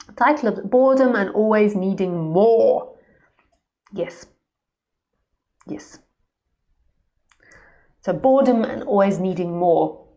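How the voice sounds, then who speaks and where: A woman spiritual teacher giving a live-streamed talk from a room at home, earnest and searching, pausing often. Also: medium pitch, expressive, warm tone. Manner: earnest, searching, with pauses and ums.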